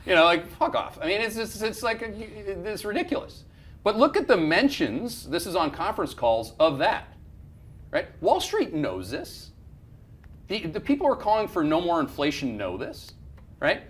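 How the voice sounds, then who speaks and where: Man, market show host, heated blunt rant, fairly high pitch, very lively swings. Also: moderate pace. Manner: fired-up, blunt ranting with profanity and repeated restarts. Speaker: investment firm CEO hosting a market show. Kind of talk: unscripted market commentary.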